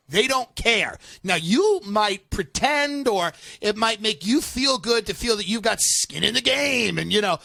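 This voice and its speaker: Guy ranting on a comedy podcast, swoops all over, bright and sharp, cussing a lot. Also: sits high, animated, moderate pace, gravelly, few pauses, no echo. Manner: loud, profane, ranting. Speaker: podcast host.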